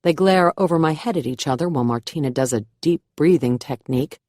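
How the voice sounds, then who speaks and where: A woman reads a first-person thriller in a measured, wry way. Her voice sits low, and the close mic gives a dry studio sound. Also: darkish tone, no room sound. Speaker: audiobook narrator.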